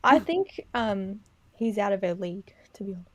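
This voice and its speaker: A woman's voice: medium pitch, lively intonation, moderate pace, a loud crowd. A woman co-hosting a podcast, chatting casually in a laid-back way and swearing now and then. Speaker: podcast co-host. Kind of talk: casual chat.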